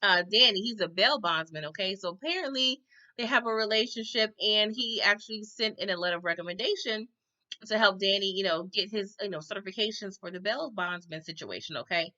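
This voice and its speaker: A woman's voice: medium pitch, a little fast, bright, forceful tone, lo-fi sound. A woman giving a casual, chatty recap of a TV episode. She acts out the characters' lines and keeps tagging her sentences with "okay?". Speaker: TV recap host.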